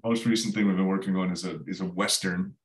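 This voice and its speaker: A man's voice: sits low, fairly even intonation, quick pace. A man, a screenwriter guest, chatting in an interview in a jokey, emphatic way with frequent restarts. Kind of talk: casual interview chat.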